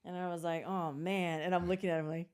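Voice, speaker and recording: A middle-aged woman co-hosting a podcast, telling a story in expressive casual chat and acting out quotes. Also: lowish voice, smooth. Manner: expressive, quick to laugh, acts out quotes. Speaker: podcast co-host.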